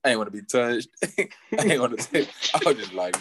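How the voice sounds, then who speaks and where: A man, a football player telling a story in an interview and acting out quotes with big jumps in pitch, laughing often. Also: animated, a little fast, noisy background.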